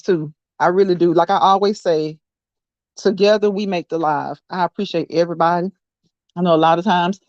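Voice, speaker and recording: A woman's voice: fairly low pitch, darkish tone, no room sound. A woman hosting a casual livestream, chatting to her viewers, laughing often and repeating herself. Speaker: livestream host. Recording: dull, dry lo-fi sound.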